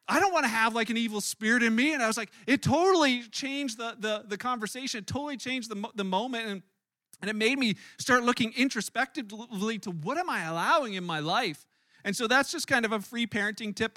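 A man preaches in a high, bright voice that carries a lot of edge. His delivery is animated and conversational, and he often stumbles over and repeats words as he tells the story. The recording is close and dry, with no room sound at all. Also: dry recording. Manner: animated storytelling with frequent word repeats and restarts. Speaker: pastor. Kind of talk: sermon.

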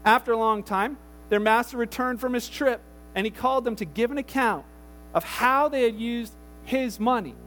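Pastor guy with a really high voice, chatty animated sermon, tells it like a story. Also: normal speed, big-room sound, a little hiss or hum. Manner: animated storytelling, acts out voices, casual asides. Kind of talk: conversational sermon.

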